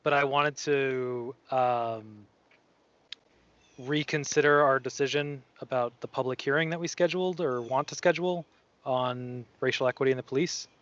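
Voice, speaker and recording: A man's voice: mid-range voice, moderate pace, fairly bright tone, no echo. A man on a board speaking up in a meeting, tentative and unsure of the procedure. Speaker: board member. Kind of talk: meeting discussion. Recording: dry lo-fi video call audio.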